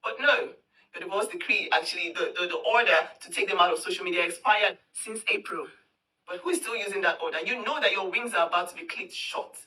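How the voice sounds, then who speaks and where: A woman's voice: on the low side, fairly quick, sharp tone, recorded from a distance, rough recording. A woman ranting straight to camera in a scornful, confrontational, taunting way. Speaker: social media commentator. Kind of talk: heated direct-to-camera rant.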